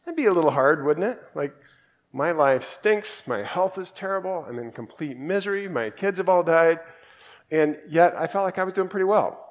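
This Australian preacher's voice sits a little high and sounds expressive, moving at a moderate pace. He keeps his sermon informal and chatty, reading from scripture and playing out the quoted speakers.

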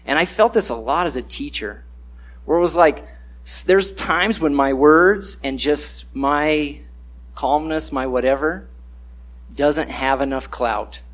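A man's voice: fairly high pitch, a little slow, fairly bright tone. A man giving a casual, conversational sermon, acting out the voices he quotes.

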